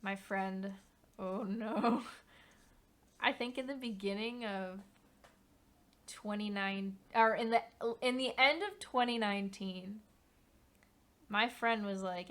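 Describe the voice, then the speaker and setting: A woman's voice: medium pitch, slow pace, long pauses, fairly bright tone. A young woman streamer chatting casually while she paints, rambling and candid, swearing now and then.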